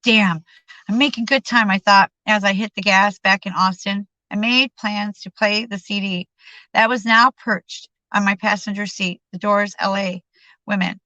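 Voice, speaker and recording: On a live stream, a woman reads a memoir aloud in a mid-range, bright voice with a steady yet forceful tone at a moderate pace, stumbling and restarting over words. She uses a streaming microphone, and the recording is dry with a dull lo-fi sound.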